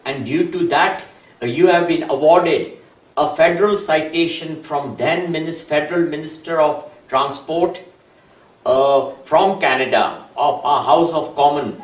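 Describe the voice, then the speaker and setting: A man hosting a talk show, asking long questions in a formal, measured way with some hesitation. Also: fairly high pitch. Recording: echoey, distant from the mic, faint music.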